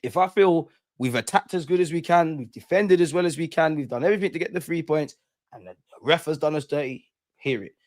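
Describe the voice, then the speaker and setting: A man's voice: on the high side, fairly quick, a little mellow, no echo, studio quality. A young man hosting a live fan stream, ranting heatedly and repeating lines for emphasis. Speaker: fan channel host.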